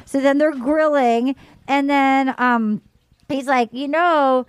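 A woman's voice: sits high, slow pace. A woman co-hosting a casual podcast, retelling a show with acted-out quotes and lots of "like". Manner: animated storytelling, acts out quotes. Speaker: podcast co-host. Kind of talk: casual recap chat.

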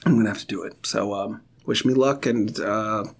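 A man co-hosting a casual comedy chat, grumbling in a gloomy, deadpan way. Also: fairly low pitch, normal speed, heavy background noise. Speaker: podcast co-host.

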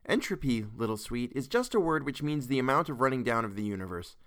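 A man playing a cheerful young father gently explaining things to his children. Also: mid-range voice, animated, fast talker, close to an everyday voice. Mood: reassuring.

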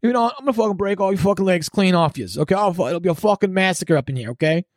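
Man putting on a higher, swaggering tough-guy boss: foul-mouthed threats, mocking tone. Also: animated, fast, no echo, studio quality. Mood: threatening. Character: bullying male politician talking like a mob boss.

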